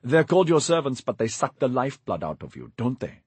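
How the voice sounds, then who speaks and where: Snobbish, sneering gentleman, read by a male narrator; mocking, husky, lively pitch. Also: a little fast, no echo.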